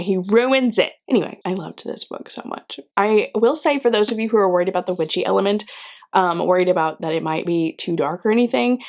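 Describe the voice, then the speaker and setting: A woman giving a casual book review vlog. She is chatty and gushing, repeats lines for comic emphasis, and talks straight to her viewers as friends. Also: lowish voice.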